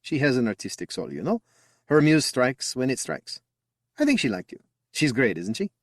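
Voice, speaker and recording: A man's voice: mid-range voice, huge pitch swings, moderate pace, dry recording, voice pushed up. Guy reading as a chatty proud older brother, bouncy voice, dry close sound. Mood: eager. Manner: upbeat, chatty and affectionate. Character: eager, boastful young man, proud older brother.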